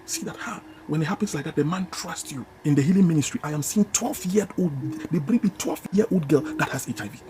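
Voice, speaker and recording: A man's voice: fairly high pitch, brisk, noisy background. A man preaching with a Ghanaian English accent, scolding his congregation emphatically and repeating key phrases. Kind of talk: fiery sermon.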